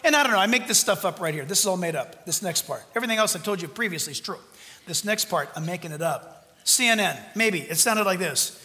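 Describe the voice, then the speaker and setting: A fervent man preaching to his church, his voice very high and bright. He is loud and exuberant, tosses in jokes, and his words ring through a long reverberant hall. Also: animated, quick pace. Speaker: pastor. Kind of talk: sermon. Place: church sanctuary.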